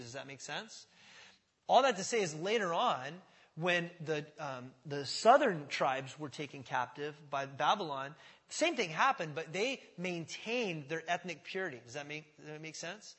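A man's voice: a little high, a bit bright, big-room sound. A man preaching a conversational sermon as pastor. He often checks in with his listeners and acts out voices in the quoted dialogue. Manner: conversational, keeps asking "does that make sense?".

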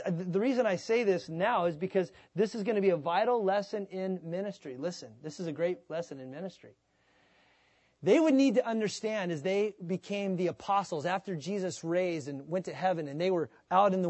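In a dry recording, a pastor with a high voice preaches a sermon in a conversational, animated style. Now and then he acts out the voices of people he quotes.

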